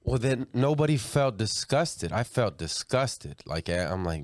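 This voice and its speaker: Deep-voiced man, crude casual chat. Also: normal speed, hardly any pauses, no echo. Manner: animated storytelling, mimics people; crude, laughs often.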